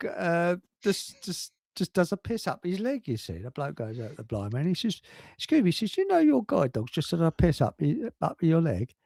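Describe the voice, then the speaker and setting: An older man with a high voice and vocal fry hosts a livestream, rambling through jokes and reading chat messages aloud with frequent chuckles. It's casual, joke-filled chat, and the recording is dry.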